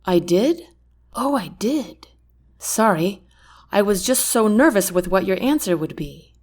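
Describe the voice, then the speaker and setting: Woman doing young man, husky, earnest, soft, animated pitch. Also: a little slow. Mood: sheepish. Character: loving young man proposing, tender.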